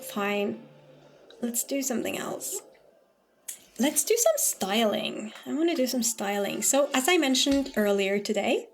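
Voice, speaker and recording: A young woman with a slightly high voice and a light Norwegian lilt, streaming a game and chatting as she goes. She rambles and hesitates, dropping "um" and "like" all through. Her voice carries a faint strain from talking a lot. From Norway. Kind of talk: casual chat while gaming.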